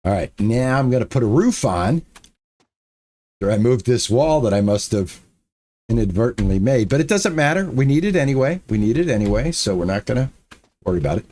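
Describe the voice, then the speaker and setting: This streamer's voice is medium-pitched and dark, very animated and a little fast, as he plays a building game. His casual commentary drifts between viewers and himself, with muttering and repeated lines when things fail.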